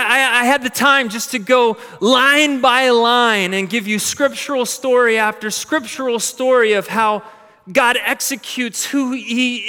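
A man preaching to a congregation, his voice pitched unusually high and bright. He stammers over repeated starts as he tells his stories, sounding jet lagged and emotional. His words ring out with a long hall reverb. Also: smooth. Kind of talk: sermon.

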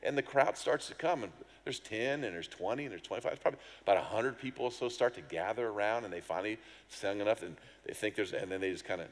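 A man's voice: lowish voice, fast talker, few pauses, in a large hall. A middle-aged man, a pastor, telling a personal story in a sermon, acting out voices and sounds with self-deprecating humor.

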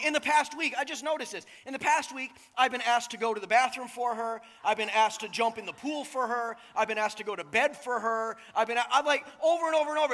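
A man's voice: very high voice, fairly quick, few pauses, a bit bright. A man in his thirties preaching a sermon in a casual, joking, conversational way, often checking in with the crowd. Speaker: pastor. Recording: long reverb of a large hall.

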